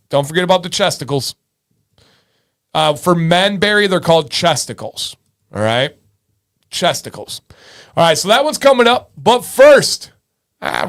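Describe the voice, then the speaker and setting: Guy in his 30s hosting a stream, talks real slow, smooth clear voice, goofs around and sings bits. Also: fairly high pitch, fairly bright tone. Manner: jokey, sings snatches of songs, chats with viewers. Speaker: livestream host. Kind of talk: casual livestream chat.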